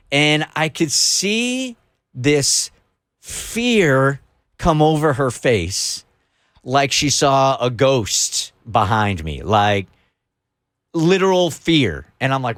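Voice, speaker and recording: A middle-aged man hosting a radio show and telling a story in an animated, quick way. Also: mid-range voice, dry recording, clean studio sound.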